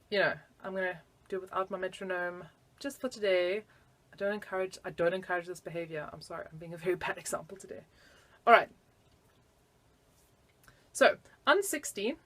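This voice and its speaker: A woman's voice: fairly low pitch, a bit bright. A woman teaching flute in a casual video lesson, chatty and giggly with self-deprecating asides.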